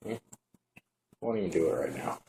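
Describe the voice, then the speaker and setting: A man giving a relaxed, rambling hands-on product review at home, talking to the camera as he shows the device. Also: sits low, moderate pace, a little hiss or hum.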